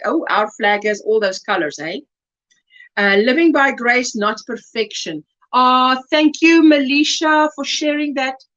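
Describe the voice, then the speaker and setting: A South African woman hosting a casual crochet livestream, chatting warmly and reading viewer comments aloud with delight. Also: a little high, muffled recording.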